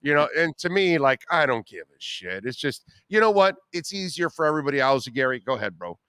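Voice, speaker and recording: Blunt, animated man hosting sports radio. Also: fairly high pitch, a little fast, clean tone, no room sound, clean studio sound. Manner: blunt, swears freely, animated storytelling. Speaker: radio show host. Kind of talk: casual sports talk.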